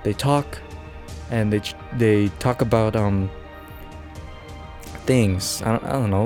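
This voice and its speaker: A man's voice: on the low side, takes it slowly, long pauses, darkish tone, soft background music. A man hosting a podcast, making up a silly story, rambling and laughing at himself. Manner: rambling, giggly, self-interrupting. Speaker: podcast host. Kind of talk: improvised comic storytelling.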